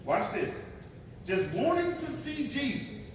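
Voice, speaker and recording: A man preaching a sermon as pastor, swinging between hushed asides and loud dramatic bursts and repeating "watch this" as a refrain. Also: very high voice, big pitch swings, slow, slight background noise. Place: large church sanctuary. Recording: echoey hall, picked up from a distance.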